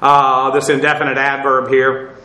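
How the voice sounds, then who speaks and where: A man's voice: medium pitch, monotone, moderate pace, sharp tone, echoey room, rough recording. A man teaching the Bible verse by verse, methodically explaining Greek words and spelling them out letter by letter, with many "uh" fillers and restarts.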